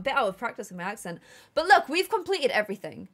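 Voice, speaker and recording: A woman's voice: a little high, very animated, fast, a bit bright. A woman from England, chatting casually with viewers on a live gameplay stream and reading chat aloud.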